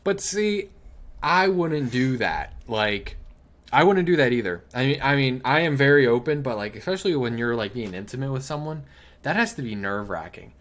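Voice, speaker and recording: Young male podcast co-host, animated storyteller, lively up-and-down pitch, casual and profane. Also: normal speed. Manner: animated storyteller, swearing, laughing often. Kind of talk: casual chat.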